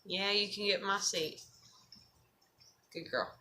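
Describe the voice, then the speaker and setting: Rambling, cursing woman, bright voice. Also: medium pitch, fairly even intonation, slow pace, a little hiss or hum. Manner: swears constantly, loose and rambling. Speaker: vlogger. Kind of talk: rambling casual vlog chat.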